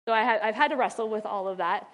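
A woman's voice: medium pitch, fast talker, a bit bright. A woman teaching mothers in a casual talk, chatty and laughing often as she acts out little scenes.

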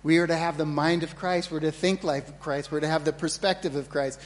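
A man preaching a sermon as pastor, earnest and storytelling, with animated retellings of his own moments of panic. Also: on the high side, a little fast, long reverb tail, a little hiss or hum. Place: church hall.

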